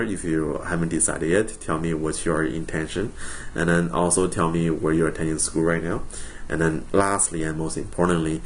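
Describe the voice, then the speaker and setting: A man's voice: sits low, a little hiss or hum. A young man from China, introducing himself to his class in a recorded video in a friendly, joking way with frequent ums. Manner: friendly, jokey, frequent ums and self-corrections. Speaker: college instructor.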